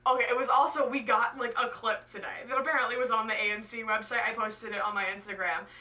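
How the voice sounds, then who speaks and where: A young woman chats to camera in a loose, excitable way, sprinkling "like" through every sentence and swearing freely. Her voice is strikingly bright and keen-edged. She sits back a bit from the mic, so she sounds a touch distant. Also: on the high side, fast. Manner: chatty and excitable, many "like"s, swearing. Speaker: author and book vlogger. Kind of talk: casual chat to camera.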